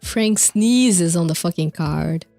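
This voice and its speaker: A young woman streamer rambles casually over video clips, recapping concert lore with lots of fillers, frequent swearing and laughter. Her voice is lowish, slow and dark, with vocal fry. The recording is dry with no echo, and faint music plays behind her.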